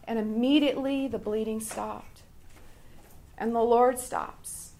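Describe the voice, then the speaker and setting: A woman giving an earnest devotional reflection to a Bible study group, speaking deliberately with pauses between phrases. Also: a little high, fairly even intonation, mellow.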